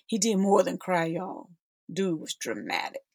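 Husky slow-talking woman in her forties. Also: on the low side, sing-song, a little mellow, no echo. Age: 40s. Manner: heartfelt, addresses listeners as sisters and y'all. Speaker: podcast host. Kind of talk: personal storytelling monologue.

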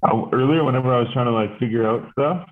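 A man's voice: mid-range voice, quick pace. A man chatting casually, telling rambling stories full of fillers and swearing. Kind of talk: casual chat. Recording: tinny phone-like line.

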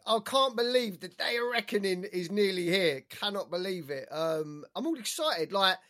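An easygoing man chats as co-host of a casual sports podcast, a little tender after drinks. He talks in a relaxed, rambling way, full of fillers. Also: sits high, moderate pace. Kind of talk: casual boxing podcast chat.

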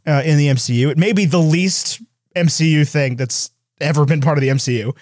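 A man's voice: a little high, no room sound, clean studio sound. A man co-hosting a podcast, chatting casually and sarcastically about a film and laughing often. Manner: sarcastic, animated, quick to laugh. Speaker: podcast co-host. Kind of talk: casual film review chat.

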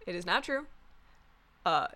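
A woman's voice: lowish voice, very animated, measured pace, pushed and bright. A woman co-hosting a podcast who talks in a matter-of-fact way and reads out ratings. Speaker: podcast co-host. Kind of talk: casual chat.

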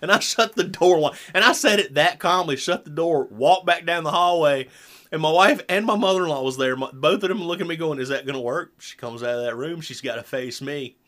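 Middle-aged man, slightly high voice, animated casual storyteller. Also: a little fast. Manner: animated storyteller, drops low for emphasis. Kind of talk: casual chat about parenting.

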